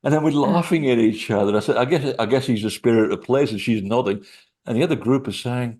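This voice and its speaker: A man telling lively stories as a guest speaker, laughing often. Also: medium pitch, fast talker. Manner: animated, laughing storyteller. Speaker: guest speaker, author on sacred sites. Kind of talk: storytelling in a webinar talk.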